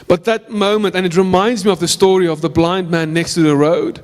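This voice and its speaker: High-voiced preacher in a reverberant church. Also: male voice, steady tone, fairly quick. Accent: South African English. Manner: earnest storytelling preaching, repeats phrases for emphasis. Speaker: pastor. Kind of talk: sermon.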